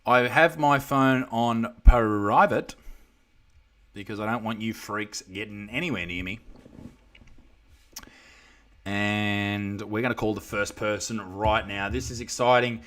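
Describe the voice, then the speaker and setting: A man's voice: on the low side, fairly even intonation, slow pace, pauses often, a bit bright. An Australian man chatting casually on a live stream, rambling, swearing and reading out viewer comments.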